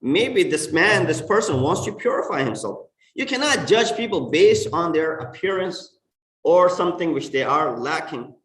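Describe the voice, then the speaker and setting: Emphatic preacher in an echoey mosque. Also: male voice, on the high side, expressive, moderate pace, a bit bright. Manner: emphatic, rising and falling for stress. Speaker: imam. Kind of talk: sermon. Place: mosque hall. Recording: echoey mosque hall from far off.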